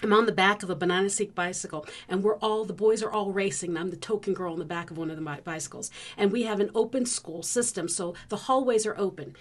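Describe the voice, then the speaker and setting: A woman from the Philippines, a podcast host, telling a personal story in an animated way and acting out the scenes. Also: mid-range voice, fast talker, few pauses. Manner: vivid storyteller who acts out the scenes.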